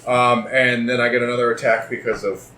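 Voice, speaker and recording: A man playing a tabletop game, easygoing and quick to laugh, recorded from a distance in a roomy space. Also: mid-range voice, level tone. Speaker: player. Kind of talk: casual tabletop game play. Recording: roomy, distant mic with faint noise.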